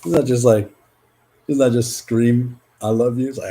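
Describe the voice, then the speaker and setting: A man in a casual spiritual vlog, reading oracle cards aloud, rambling and swearing, with loud and soft stretches. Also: mid-range voice, fairly even intonation, moderate pace, husky, rough recording. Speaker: spiritual card reader.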